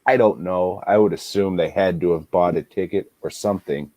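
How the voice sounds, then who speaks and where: This podcast co-host and movie reviewer speaks at normal speed in a deep, darkish voice, recorded with no room sound. He's laid-back, casually recounting a film in review chat, laughing along and swearing heavily.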